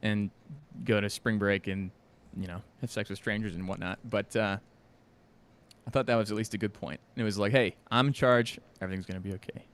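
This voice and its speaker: A man co-hosting a podcast in casual chat, animated and laughing often, slipping into impressions of people in his stories. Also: fairly low pitch, brisk, clean tone. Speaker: podcast co-host.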